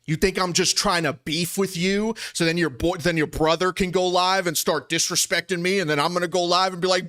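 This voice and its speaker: A man's voice: high voice, fairly even intonation, brisk, hardly any pauses, a bit bright. A young man from Long Island, streaming commentary in an indignant, rambling way that repeats itself. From Long Island, New York. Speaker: streamer reacting to a livestream. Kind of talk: heated commentary over a played stream.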